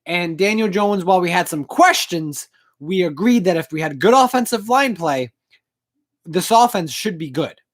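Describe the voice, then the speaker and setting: A woman's voice: lowish voice, animated, normal speed. A woman ranting in a postgame fan video, angry, profane and emotional, on a home recording setup. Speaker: sports fan vlogger. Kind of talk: postgame rant.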